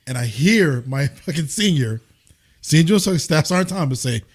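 Lively, salty ex-Marine man. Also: a little high, normal speed, slightly rough. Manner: salty, laughing storyteller. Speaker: former Marine squad leader. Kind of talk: casual podcast chat.

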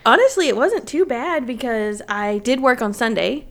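A woman from Illinois co-hosting a casual podcast, talking in a relaxed, rambling, slightly hesitant way. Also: a little high, moderate pace. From Illinois, USA. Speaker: podcast co-host. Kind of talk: casual chat.

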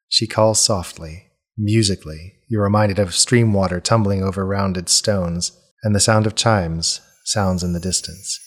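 A man narrating a tabletop game as game master, in slow, immersive second-person storytelling. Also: sits low, steady tone. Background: faint music.

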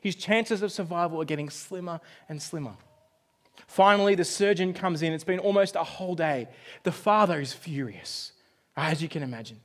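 A male pastor preaching a sermon, telling a story with dramatic swings from loud outbursts to hushed, quiet lines. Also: fairly high pitch, normal speed.

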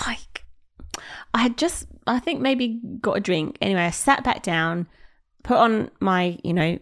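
A woman's voice: mid-range voice, gravelly. A woman co-hosting a podcast, telling a story with lots of laughter in casual chat. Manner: laughing storyteller, quick and expressive. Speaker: podcast co-host.

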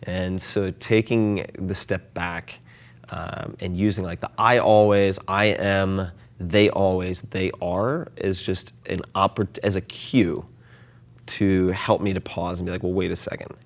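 Animated, restless man, somewhat low voice. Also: slow. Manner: animated, self-deprecating, frequent fillers and restarts. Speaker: podcast guest. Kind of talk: casual conversational interview.

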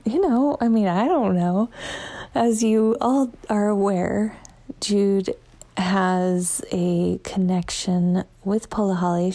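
A woman telling a personal story in a casual way. She often drops into a hushed whisper and acts out her own lines with lively quotes. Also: medium pitch, slightly rough. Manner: animated, quotes herself in a lively voice.

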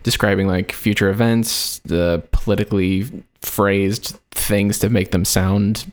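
Male podcast host, somewhat deep, loose rambling storyteller. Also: fairly even intonation, unhurried. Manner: rambling, many fillers like "like" and "um". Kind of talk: casual chat.

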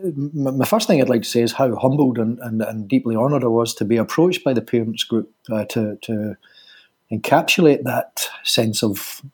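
A middle-aged Scottish man with a husky voice, a sculptor being interviewed, speaking in a hesitant way with many fillers and restarts. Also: medium pitch, moderate pace. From Scotland. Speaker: sculptor guest. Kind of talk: conversational interview.

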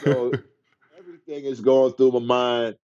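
A middle-aged man telling stories as a podcast guest, acting out quotes excitedly. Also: moderate pace, dry recording, muffled recording. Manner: excited storyteller who acts out quotes in a high voice. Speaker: guest, former basketball player. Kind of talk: animated storytelling in a podcast interview.

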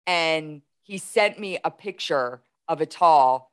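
A woman's voice: low-pitched, expressive, takes it slowly, clear, resonant tone. A woman in her forties, a guest telling a story in casual talk, animatedly retelling events with quoted dialogue. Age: 40s.

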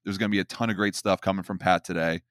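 A man's voice: deep voice, fairly even intonation, fast, fairly bright tone, no echo, clean studio sound. A man in his thirties hosting a podcast, enthusiastic and hyping up his guest in casual chat. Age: 30s. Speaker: podcast host.

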